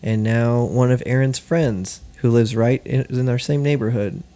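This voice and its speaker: A young man co-hosting a podcast in casual chat, animated and prone to high-pitched outbursts. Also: moderate pace. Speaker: podcast co-host.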